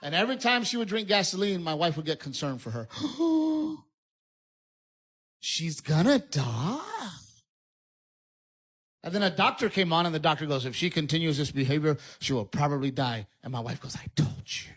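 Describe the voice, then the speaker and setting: A man's voice: a little high, fast talker, few pauses, fairly bright tone. A male stand-up comedian telling a story about his wife and imitating her.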